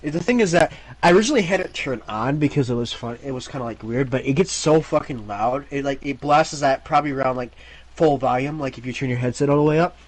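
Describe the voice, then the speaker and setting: A man's voice: medium pitch, fast, poor audio. A man streaming games, telling rambling, profane stories in casual chat. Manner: rambling, profane storytelling with restarts.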